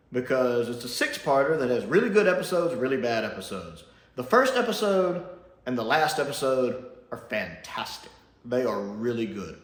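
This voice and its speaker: A man giving a casual, profane review rant as a YouTube reviewer, swinging between scorn and delight. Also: mid-range voice. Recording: roomy room echo.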